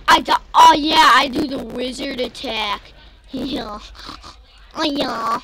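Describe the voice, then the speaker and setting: A young gamer girl giving excitable, shouty commentary while playing online, yelling at other players. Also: high-pitched, slow pace.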